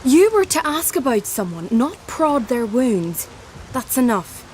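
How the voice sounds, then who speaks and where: A protective priestess, slow measured lines, faint rain. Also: female voice, a little high, very animated, warm tone, slight background noise, full character voice. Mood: stern. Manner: slow, firm. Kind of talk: video game dialogue.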